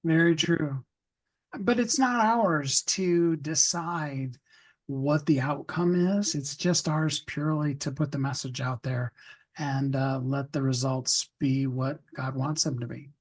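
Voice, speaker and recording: A man hosting an interview podcast, relaxed and reflective as he asks his guest questions. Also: fairly high pitch, slow pace. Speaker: podcast host. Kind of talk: casual interview talk.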